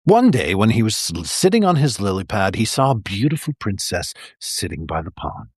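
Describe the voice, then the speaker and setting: A man's voice: on the low side, sing-song, normal speed, breathy edge, no echo, clean studio sound. A man hosting a livestream, reading a picture book aloud in a chatty, rambling way with many fillers. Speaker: livestream host reading stories. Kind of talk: casual read-aloud storytelling.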